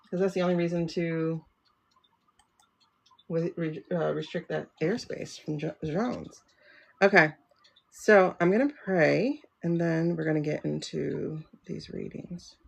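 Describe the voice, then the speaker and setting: A woman with a low, gravelly voice hosts a casual livestream. She rambles, stops herself, starts over and keeps chatting. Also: steady tone, takes it slowly, pauses often. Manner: rambling, self-interrupting, chatty. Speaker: livestream host and tarot reader.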